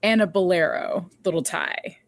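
A woman's voice: lowish voice, normal speed, dry recording. A woman co-hosting a podcast, recapping a TV episode in casual chat, laughing often and quoting characters. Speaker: podcast co-host.

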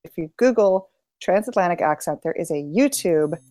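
Low-voiced woman in halting casual chat. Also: animated, mellow. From New England. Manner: halting, many restarts.

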